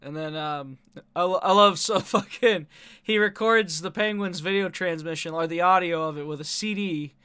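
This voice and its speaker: A man's voice: high voice, normal speed, pushed and bright, clear, resonant tone. A young man chatting casually about a movie, laughing often and swearing freely as he retells scenes.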